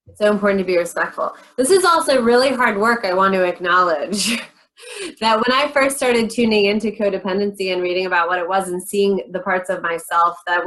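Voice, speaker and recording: A woman's voice: medium pitch, a bit bright, low-quality recording. A woman in her thirties hosting an interview, reflective and sharing personal stories. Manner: reflective, shares personal stories, quick asides. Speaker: interview host. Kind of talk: conversational interview.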